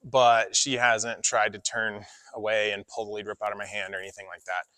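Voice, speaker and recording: A man training a horse in an arena, talking through his work in a relaxed, chatty way and coaxing the horse now and then. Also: lowish voice, a little fast, no echo, studio quality. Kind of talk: casual spoken explanation while working a horse. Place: outdoor horse arena with deep sand.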